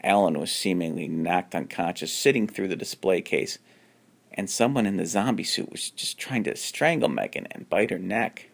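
A man reads a homemade spooky story in a deep, gravelly voice. He trips over words and restarts lines as he goes. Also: lively intonation, moderate pace. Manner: unpolished reading with frequent restarts; jumps up in pitch for characters' lines. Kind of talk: reading a homemade horror story aloud.

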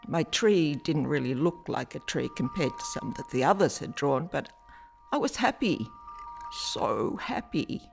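A woman from Italy whose first language is Italian, an artist reading her own reflective personal narration in a measured, deliberate way with pauses. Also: low-pitched, big pitch swings, gravelly, soft background music.

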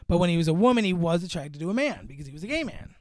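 A man's voice: very animated, racing, no echo, studio quality. A young man casually recapping a movie plot, rambling with lots of fillers and acting out the characters' lines. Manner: rambling, filler-heavy storytelling, acts out lines in higher voices. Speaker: podcast co-host. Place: home room.

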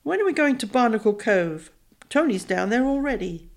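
Young British girl, high, clipped and dramatic, read by a woman. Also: sing-song, normal speed. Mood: eager. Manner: clipped, eager.

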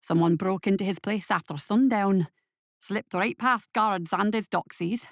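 A woman's voice: medium pitch, a little slow, no room sound, studio quality, natural voice. A woman reading the part of a blunt, wary Scottish man in an audio story, with a Scottish accent. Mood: suspicious. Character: Scottish man, gruff suspicious partner.

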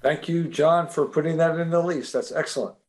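A man's voice: fairly high pitch, fairly even intonation, fairly quick, a little mellow. A man hosting a talk show who cuts in with short, approving remarks.

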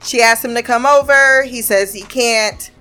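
A woman's voice: fairly high pitch, a little slow, bright, forceful tone, clean tone, faint music behind. Sarcastic woman reviewing a TV show. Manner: sarcastic, blunt, swears freely. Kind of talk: casual review commentary.

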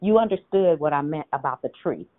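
Woman, low voice, spiritual teaching, rhetorical questions, dry tinny phone sound. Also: expressive, brisk, no echo. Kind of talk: spiritual teaching on a group call.

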